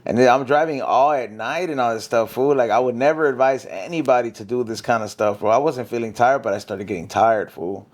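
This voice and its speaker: Man, casual storytelling, slangy, animated, mid pitch. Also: fairly quick, few pauses. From South Central Los Angeles. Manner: slangy, animated, says fool and bro a lot. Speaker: podcast guest.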